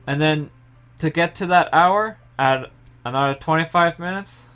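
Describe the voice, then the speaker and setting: A young man in his home kitchen, calmly explaining each step of a pie recipe in a casual tutorial. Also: a little high, moderate pace, clean tone, faint music behind. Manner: relaxed step-by-step explaining, trailing off softly. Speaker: home baker.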